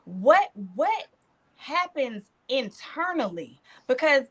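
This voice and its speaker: A woman hosting a podcast, telling stories in an animated way with churchy affirmations. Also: sits high, slow. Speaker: podcast host. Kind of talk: casual podcast chat.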